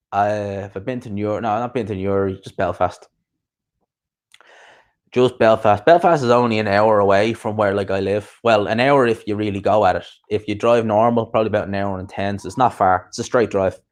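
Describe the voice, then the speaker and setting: A man hosting a boxing channel, rambling casually on a live stream as he answers viewer comments aloud. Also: fairly low pitch.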